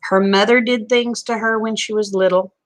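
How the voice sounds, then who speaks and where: A woman's voice: mid-range voice, steady tone, moderate pace. A woman chatting casually with viewers on a live stream, folksy and talkative. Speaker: vlogger.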